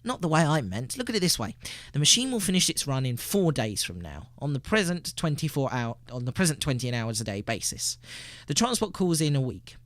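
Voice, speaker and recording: An anxious, talkative engineer in a storybook, read by a man who raises his voice a little for him. The speech is urgent and bounces around in pitch, and the sound is very dry and close. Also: fairly quick, no room sound. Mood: scheming. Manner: urgent, animated delivery. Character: uneasy, talkative male computer engineer.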